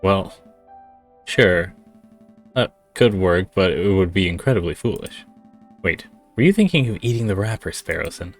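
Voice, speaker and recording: A man's voice: low-pitched, expressive, moderate pace, pauses often, faint music behind. A man voicing an exasperated young lawyer. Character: brash young male lawyer detective. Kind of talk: reading game dialogue aloud.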